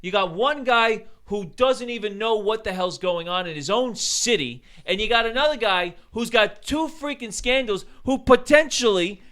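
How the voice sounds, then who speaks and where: A man's voice: high voice, moderate pace, few pauses. A man co-hosting a podcast, ranting heatedly with mocking asides. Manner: animated, mocking impressions of politicians. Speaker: podcast co-host. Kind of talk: heated rant.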